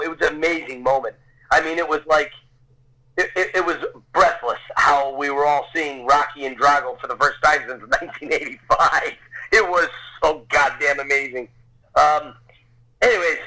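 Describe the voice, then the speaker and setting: Man, 50s, podcast guest, excitable storyteller, slightly high voice, bright tone. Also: rough recording. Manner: excitable, gushing, repeats himself. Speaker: podcast guest, Rocky film tour guide. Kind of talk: storytelling anecdote.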